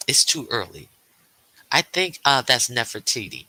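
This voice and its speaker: A man hosts a casual livestream, rambling along with lots of fillers and restarts. He reads viewers' chat aloud and answers it. His voice is very bright and the recording is dry. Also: medium pitch, very animated, measured pace, dry recording, low-quality recording. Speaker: livestream host.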